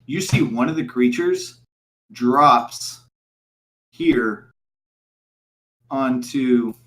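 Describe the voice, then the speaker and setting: A man narrating as game master for a tabletop game, in a halting style full of fillers. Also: medium pitch, fairly bright tone, echoey room.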